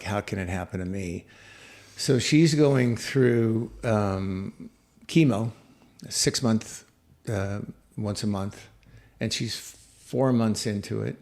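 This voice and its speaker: A middle-aged man with a gravelly, creaky voice recounts a personal story as a podcast guest. He speaks reflectively, pausing often with fillers and restarting his sentences. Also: lowish voice.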